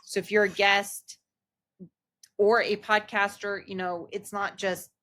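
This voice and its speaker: Easygoing bright-voiced middle-aged woman. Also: mid-range voice, level tone, unhurried. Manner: chatty, explaining, easygoing. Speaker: podcast co-host, mother. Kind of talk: casual chat.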